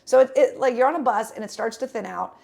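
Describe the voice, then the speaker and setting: A woman's voice: on the high side, fast, vocal fry, a little mellow. A young woman telling a rambling travel story on a casual podcast, with lots of fillers and restarts. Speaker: podcast co-host.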